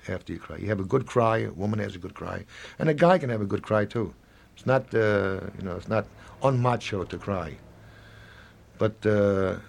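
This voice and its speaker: A man in his seventies speaking in an interview, rambling and halting, often acting out little snatches of dialogue. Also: on the low side, vocal fry, a little mellow. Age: 70s. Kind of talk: reflective interview talk.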